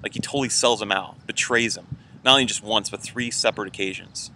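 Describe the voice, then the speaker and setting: A man's voice: fairly low pitch, a little fast, bright, forceful tone, slight background noise. A man pastor giving an informal weekend sermon, casual and conversational with many fillers. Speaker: church pastor.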